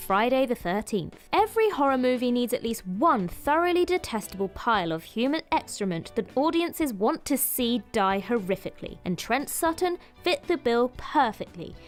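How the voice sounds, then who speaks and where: A woman giving scripted countdown narration in a sardonic, mocking manner. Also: a little high.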